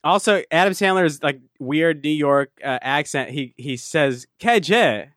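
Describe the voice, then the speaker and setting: A man's voice: on the high side, unhurried, fairly bright tone, no echo, studio quality. A man co-hosting a casual podcast chat, rambling with lots of fillers and restarts and laughing often as he talks. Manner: laughs often while talking. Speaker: podcast co-host.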